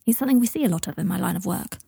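A woman's voice: lowish voice, animated, rapid-fire, vocal fry, mellow, slightly rough, no echo, clean studio sound, full character voice. Ron, a blunt male wizard officer, read by a woman. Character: plain-spoken male wizard auror. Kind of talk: audiobook reading.

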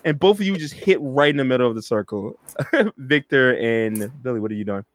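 A man's voice: mid-range voice, expressive, a little fast, no echo. A young man narrating a tabletop game as game master, laughing through his storytelling.

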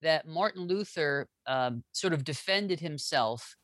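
A man speaking as a guest historian in a casual interview, animated and joking, often restarting his sentences. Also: fairly high pitch, unhurried, dry recording.

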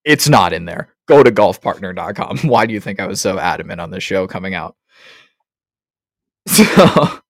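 A man's voice: low voice, fairly quick, dry recording, studio quality. Laid-back swearing male podcast host. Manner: loose and profane, laughs often. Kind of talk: casual chat.

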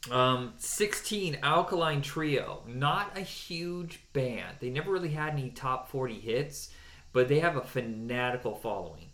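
A man chats casually as a podcast co-host and counts down songs with strong opinions. His voice sits in a middle pitch. The room around him is echoey. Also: unhurried. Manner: animated, opinionated, with mocking put-on voices.

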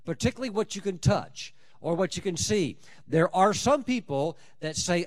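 A man delivers a fervent sermon in a fairly high voice. He preaches emphatically, with dramatic swings in loudness and pitch. He often acts out prayers and scripture in quoted voices. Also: animated, moderate pace, few pauses.

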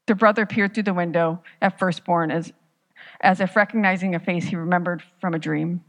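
A woman's voice: fairly low pitch, fairly even intonation, long reverb tail. Woman pastor reading a parable. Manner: measured, dramatic reading. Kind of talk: sermon storytelling.

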